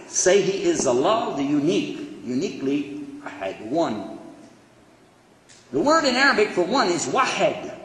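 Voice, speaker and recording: A man giving a religious lecture, explaining in an animated, conversational way. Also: medium pitch. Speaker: Islamic lecturer. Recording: echoey hall, faint background noise.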